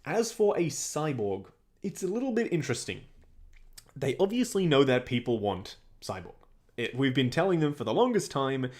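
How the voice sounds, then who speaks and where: A man's voice: medium pitch, a little mellow. A young Australian man hosting a casual livestream, reading viewer questions aloud and answering them in a chatty way. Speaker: livestream host answering chat.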